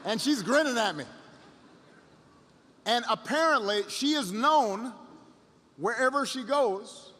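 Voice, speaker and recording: Bright-voiced man telling a story in a hall. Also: very high-pitched, lively intonation, takes it slowly, pauses often. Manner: builds a story with repetition and rising emphasis. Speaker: public speaker. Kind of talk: motivational storytelling speech. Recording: long hall reverb.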